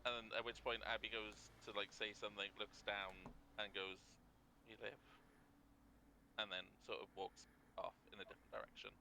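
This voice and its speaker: A man's voice: on the low side, level tone, fast talker, pushed and bright, a little hiss or hum, poor audio. A man playing a tabletop role-playing game, chatting casually and swearing freely. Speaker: player.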